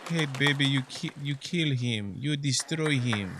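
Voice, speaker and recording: A man imitating an adoring woman with a European accent, cooing slow praise. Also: mid-range voice, crowd noise, background noise, natural voice. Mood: doting.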